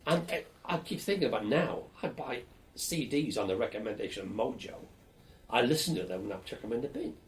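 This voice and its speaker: An older man being interviewed for an oral history, telling lively, blunt stories about his student days. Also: mid-range voice, a little fast, a little hiss or hum. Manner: lively storyteller, animated and blunt, swears casually.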